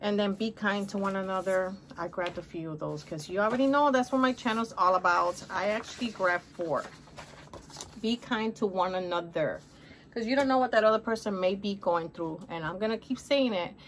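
A woman's voice: mid-range voice, normal speed, a little hiss or hum. A middle-aged woman with a Spanish accent, chatting upbeat through a shopping haul and calling viewers honey. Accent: Spanish-accented English. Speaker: haul vlogger. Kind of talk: casual shopping haul chat.

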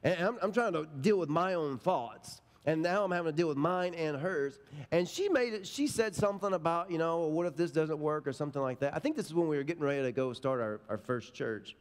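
A man's voice: on the high side, animated, a little fast. A middle-aged male pastor preaching a sermon, telling stories in an emphatic, folksy way. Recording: long reverb of a large hall.

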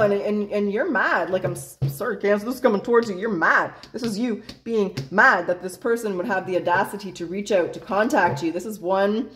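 A woman's voice: medium pitch, fairly quick, few pauses, a bit bright. A woman doing a casual tarot reading in a blunt, chatty way, swearing freely and laughing often. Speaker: tarot reader.

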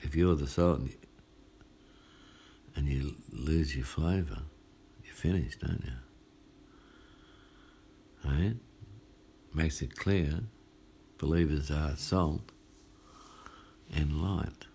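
With a faint ambient hum behind him, a male pastor from Australia preaches a midweek sermon unhurriedly. His deep, mellow voice carries a chatty, folksy style, and he often checks in with listeners by asking "hey?".

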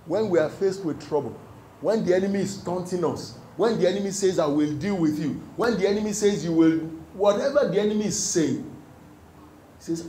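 A man's voice: sits high, lively intonation, brisk, mellow, echoey room, slight background noise, rough recording. A male pastor preaching a sermon, reading scripture and putting questions to the congregation for them to answer. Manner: emphatic call-and-response preaching.

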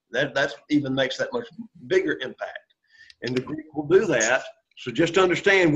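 Encouraging man teaching a class. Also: medium pitch. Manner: encouraging, quizzes students, frequent "okay?" and "right?" checks. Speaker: Greek teacher. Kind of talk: classroom lecture. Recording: lo-fi classroom recording.

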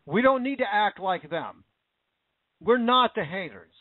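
A man's voice: high-pitched, expressive, measured pace, no echo. An American man giving an indignant, repetitive political opinion rant. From United States. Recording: dry, phone-like narrow audio.

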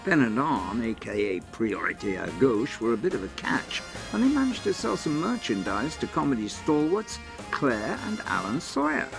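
A man's voice: medium pitch, wildly swooping pitch, moderate pace, vocal fry. A man narrating a scripted recap with a dry, wry delivery. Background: music.

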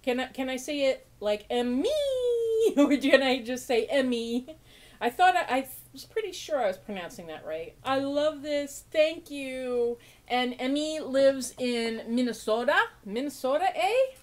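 Woman on her podcast opening happy mail, talks slow, kinda high voice, bubbly and giggly, jokes about being sarcastic. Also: a little mellow. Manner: bubbly, gushing, laughs often; self-mocking and sarcastic. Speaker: podcast host. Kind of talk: casual unboxing chat.

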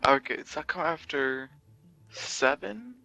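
A man in a group voice chat, asking offbeat questions in a deadpan way. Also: fairly high pitch, takes it slowly, vocal fry, faint music behind. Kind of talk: casual gaming banter.

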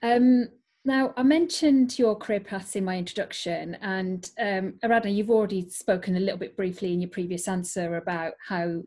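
A woman's voice: medium pitch, normal speed, darkish tone. A woman hosting an interview on a video call, chatty and stumbling over words as she frames questions. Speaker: interviewer host. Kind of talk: hosted interview.

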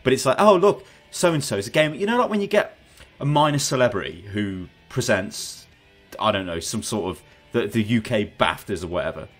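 A man hosting a gaming podcast over voice chat, ranting in an animated, sarcastic way. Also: on the low side, fairly quick, few pauses, soft background music. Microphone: headset on voice chat.

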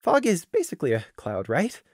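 A man's voice: on the high side, wildly swooping pitch, a little fast, darkish tone, dry recording, studio quality, pitched above the performer's own voice, full character voice. A man voicing a nervous young deer soldier who hesitates with ums and uhs.

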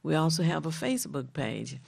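A woman co-hosting a community TV talk show, telling stories in an animated way about her group's work. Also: deep voice, brisk, creaky, breathy edge, dry recording. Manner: animated storyteller. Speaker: co-host and community organizer. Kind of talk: casual talk show chat.

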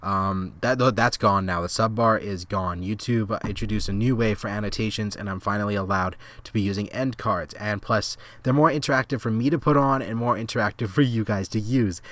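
A man hosting a gaming channel, giving rambling casual commentary with sudden excited outbursts at the game. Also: on the low side, fairly quick, hardly any pauses, no room sound.

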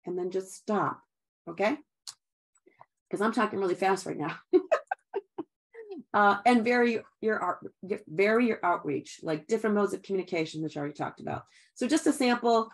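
A woman's voice: medium pitch, moderate pace. A middle-aged woman giving an upbeat sales training talk, chatty and encouraging, often laughing and calling her listeners guys.

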